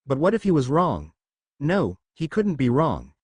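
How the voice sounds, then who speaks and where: A man narrating a fan fiction story with expressive storytelling. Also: on the high side, measured pace, slightly rough, dry recording.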